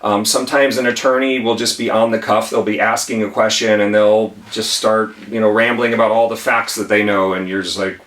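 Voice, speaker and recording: A man's voice: fairly low pitch, flat delivery, fairly quick, few pauses, a bit bright. A man, an attorney, giving a conversational whiteboard lesson with emphatic, repeated key phrases. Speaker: attorney teaching legal tips. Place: room with whiteboard. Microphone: camera mic at a distance. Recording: echoey room, voice from a distance.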